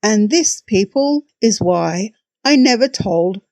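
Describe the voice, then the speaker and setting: A woman's voice: medium pitch, lively intonation, slow, darkish tone, dry recording. A woman hosting a podcast, narrating a travel story from a script with wry, dry humor.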